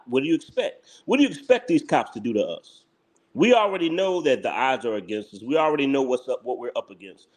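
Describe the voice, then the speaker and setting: Blunt Philly-accented man ranting live. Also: mid-range voice. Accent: Philadelphia. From Philadelphia. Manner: blunt, heated, repetitive, laughs mockingly. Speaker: live stream host. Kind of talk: live commentary stream.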